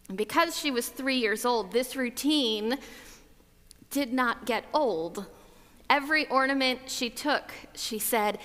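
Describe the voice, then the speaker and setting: A woman tells a personal story at an unhurried, measured pace, letting each line settle. Her voice is bright and a little high. A long hall reverb trails behind her words. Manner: slow, reflective, measured delivery. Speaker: speaker. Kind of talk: storytelling talk on gratitude.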